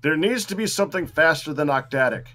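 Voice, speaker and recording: Bright-voiced man in casual gaming chat. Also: a little high, expressive, fast talker, a little hiss or hum. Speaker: gaming podcast co-host.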